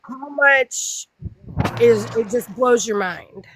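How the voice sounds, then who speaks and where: Woman, unhurried rambling talker with a raised pitch, casual group chat, often restarting sentences. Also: noisy background. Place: outdoors by her hen coop.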